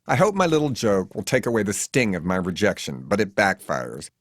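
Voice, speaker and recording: A man narrating his own memoir as an audiobook in an animated, comic storytelling manner. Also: fairly low pitch, brisk, dry recording, clean studio sound.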